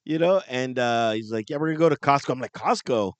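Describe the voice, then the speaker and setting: A man co-hosting a podcast in casual chat, often laughing and acting out lively quotes as he tells stories. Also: medium pitch, quick pace, no echo, dull audio. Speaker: podcast co-host.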